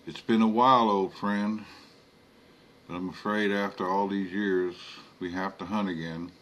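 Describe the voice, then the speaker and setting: A man voicing an old, fatherly monster hunter who speaks gently, in a spoken horror story. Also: sits low, fairly even intonation, unhurried, lo-fi sound. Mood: grave. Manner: gentle, fatherly, calls others my boy and my dear.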